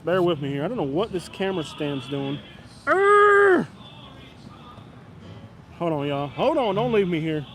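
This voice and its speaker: A man's voice: fairly high pitch, animated, fairly quick, few pauses, darkish tone, a little hiss or hum. A man, chatting casually and rambling to his viewers on a live stream from a downtown street at night, filmed on a camera stand.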